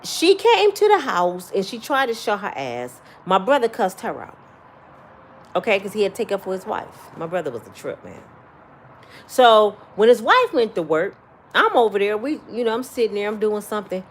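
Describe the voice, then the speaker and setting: A woman's voice: medium pitch, sing-song, normal speed, a little hiss or hum. A middle-aged woman talking bluntly and profanely, giving life advice in casual, preachy storytelling.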